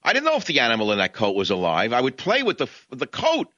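A man's voice: mid-range voice, huge pitch swings, fast talker, bright, forceful tone, no echo, dull audio. A man from New York with a New York accent, hosting a talk radio show in an impassioned, combative way. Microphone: studio microphone, dry.

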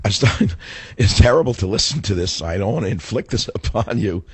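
A middle-aged man hosting a radio talk show, hoarse as his voice gives out, ranting in a fiery, combative way. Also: on the low side, expressive, a little fast, no echo. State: hoarse, voice going.

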